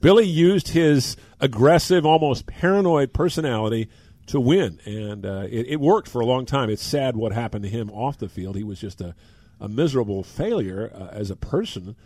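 An older man on a sports talk show, telling animated anecdotes from years of covering baseball in casual conversation. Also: mid-range voice, normal speed, dry recording. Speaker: sports radio host and former reporter. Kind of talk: casual radio talk with stories.

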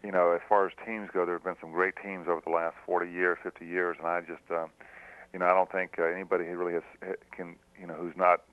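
Low-voiced man on a phone line. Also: flat delivery, no echo. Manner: soft-spoken and halting, with many fillers and restarts. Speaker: former pro basketball player, guest; high school basketball coach. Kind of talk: phone-in radio interview. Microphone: telephone.

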